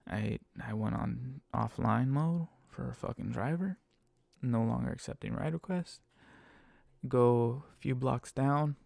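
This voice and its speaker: A man with a gravelly, dark-toned voice tells a rideshare driving story in a casual monologue. He swears constantly and lays on emphatic exasperation. The sound is dry and close. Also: medium pitch, measured pace, no echo. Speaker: rideshare driver telling stories.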